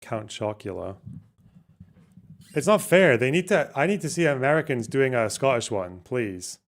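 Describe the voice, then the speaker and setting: This male host chats casually on his livestream, responding to chat and clips in an expressive mid-range voice at a moderate pace. His reactions are full of swearing and disbelief, and he often backtracks to restart his thoughts.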